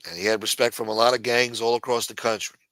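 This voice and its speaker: A man's voice: medium pitch, level tone, fast talker, vocal fry, fairly bright tone, clear, resonant tone, dry recording, rough recording. A man hosting a late-night talk show, ranting bluntly with lots of profanity. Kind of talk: casual talk-show rant.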